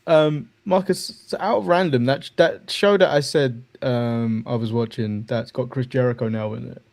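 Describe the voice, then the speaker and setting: A man from England co-hosting a casual wrestling chat, retelling stories in a relaxed way with hesitations. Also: medium pitch, moderate pace, gravelly. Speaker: podcast co-host.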